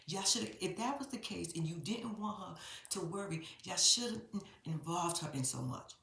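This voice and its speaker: A woman's voice: mid-range voice, normal speed. A woman rants through a reality-show recap, blunt and profane, her voice swinging widely up and down. She talks straight to her viewers in a casual vlog voice. The room around her rings with echo. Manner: blunt, profane, animated ranting. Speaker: reality TV commentator.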